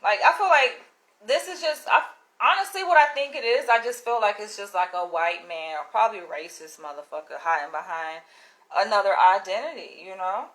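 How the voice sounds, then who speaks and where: Bright-voiced blunt woman ranting. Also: mid-range voice, a little fast, rough recording. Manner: exasperated, blunt and animated, with profanity. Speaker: YouTuber. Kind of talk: casual vlog rant.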